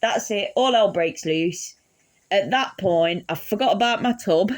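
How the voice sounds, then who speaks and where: A woman's voice: mid-range voice, measured pace. A woman telling a funny personal story in a casual, swearing, laughing way. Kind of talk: casual anecdote.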